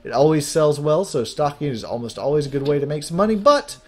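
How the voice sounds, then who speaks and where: A man's voice: a little high, sing-song, fast talker. Guy reading a prim proper fairy lady from a game, formal, kinda lecture-y. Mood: lecturing. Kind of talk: reading game dialogue aloud.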